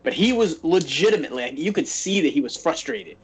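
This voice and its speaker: Man, podcast co-host, from phoenix, husky, lively storyteller, casual chat. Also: on the high side, fairly quick. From Phoenix, Arizona. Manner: animated storyteller acting out quotes.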